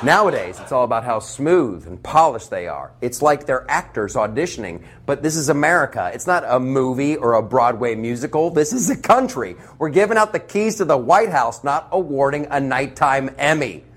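A man's voice: mid-range voice, sing-song, moderate pace, hardly any pauses, slightly rough. A man doing a sarcastic stand-up comedy monologue, laughing at his own jokes. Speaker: comedian, podcast host.

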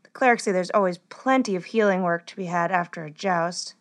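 A woman voicing Corley, a shy, gentle young girl cleric who speaks kindly. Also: on the low side, brisk, pitched below the performer's own voice, lightly acted. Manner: gentle, shy, warm-hearted.

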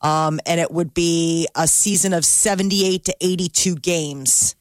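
A woman's voice: lowish voice, steady tone, unhurried, dry recording, clean studio sound. A woman reading the news in a casual, chatty way on a morning radio show, laughing between items.

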